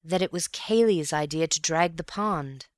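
A thoughtful, earnest man, voiced by a woman narrator in a storybook reading, speaking slowly and with weight. The low voice stays close and dry. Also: no room sound, close to an everyday voice. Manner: slow, earnest, measured.

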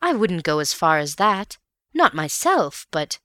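A woman voicing an excitable, gossipy young woman in a story. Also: fairly low pitch, unhurried, no echo, clean studio sound. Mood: hesitant. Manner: excited, chattering.

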